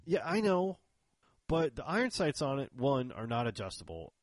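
A man's voice: medium pitch, sing-song, normal speed, no room sound. A man in casual chat who tells long rambling stories, acts out the other people's lines and laughs often.

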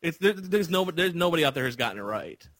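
A man's voice: on the high side, very animated, fast, a bit bright, no room sound. A man hosting a casual podcast chat, talking with enthusiasm and rambling through restarts. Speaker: podcast host.

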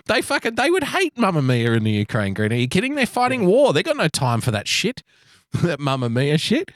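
Aussie guy on a podcast, sarcastic riffing, pitch all over the place, dry close sound. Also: wildly swooping pitch, a little fast, no echo. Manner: sarcastic, mock-grand riffing. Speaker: podcast co-host. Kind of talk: casual chat.

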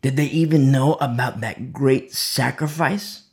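A man preaching a verse-by-verse sermon who swings from loud emphasis to hushed whispers and repeats key phrases for weight. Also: medium pitch, a little slow. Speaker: preacher leading a Bible study.

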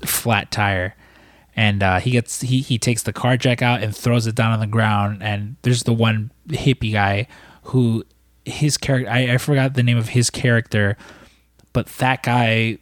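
A man's voice: medium pitch, steady tone, unhurried, no room sound, clean studio sound. A man recapping a film in casual, rambling talk, full of fillers and swearing. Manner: rambling, profane, lots of fillers. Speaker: podcast co-host.

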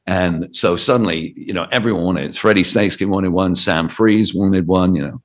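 Deep-voiced British man telling radio stories. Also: moderate pace. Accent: British English. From Britain. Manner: animated anecdotes with quoted voices. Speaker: radio DJ and author guest. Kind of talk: storytelling interview.

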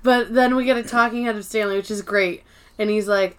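A woman's voice: mid-range voice, steady tone, a little fast, clean tone. A woman co-hosting a casual podcast chat, recapping scenes, quoting lines, and laughing along. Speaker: podcast co-host.

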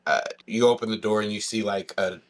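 A man narrating as game master of a tabletop game, relaxed and halting, with many fillers. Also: lowish voice.

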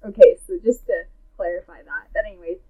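A young adult woman telling a work story in casual chat, talking fast and filling her sentences with "like.". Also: on the low side, husky, narrow, tinny audio. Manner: chatty, fast, many "like" fillers.

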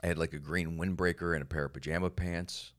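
A man co-hosting a casual podcast, telling animated stories and jumping into quoted voices. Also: sits low, fast talker. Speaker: podcast co-host and comedian.

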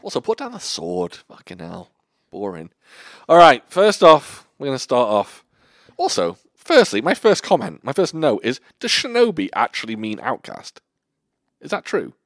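Podcast co-host: young man, lively pitch, rambling and profane, dry close mic. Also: moderate pace, dry recording. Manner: rambling, swearing, laughing often. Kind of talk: casual film review chat.

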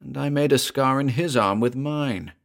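A man's voice: medium pitch, normal speed, vocal fry, voice pushed up, natural voice. A man reading aloud, voicing a frightened young man whose voice rises and trembles. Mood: rapid, agitated. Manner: urgent, voice rising and trembling.

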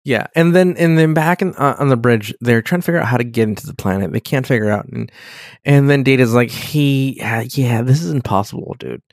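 A man's voice: mid-range voice, fairly quick, no room sound, clean studio sound. A man in casual podcast chat, swearing a lot and acting out characters in put-on voices as he recaps a show. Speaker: podcast co-host.

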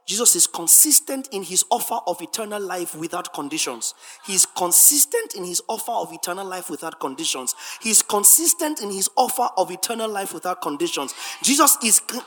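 A husky, forceful preacher whose pitch leaps and falls with every phrase, swinging between hushed asides and shouted, chanting refrains. The voice rings out through the long reverb of a large hall. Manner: emphatic, repetitive, swings from soft asides to shouted sing-song refrains. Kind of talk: sermon.

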